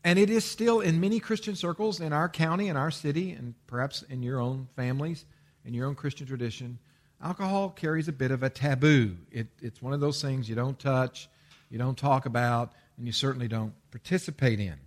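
A man's voice: medium pitch, a little fast. A man preaching a sermon as a pastor, stressing commands and explaining with everyday examples, with frequent "uh" and restarts. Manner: emphatic, repeats commands with stress.

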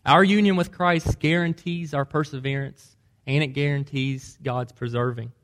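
A man's voice: a little high, steady tone, normal speed, a bit bright. A man preaching a sermon, earnest and emphatic, pressing hard on key points. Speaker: pastor.

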